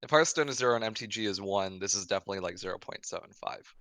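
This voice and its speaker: A man's voice: lowish voice, rapid-fire, fairly bright tone, dry recording. A man leading a casual team stand-up, rambling with lots of "like" and "I mean".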